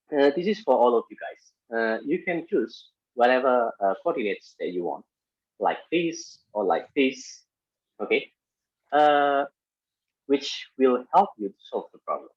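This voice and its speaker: A man lecturing on engineering statics in halting speech full of fillers and restarts, working through a problem step by step. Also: mid-range voice, husky, no echo. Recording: muffled lo-fi audio.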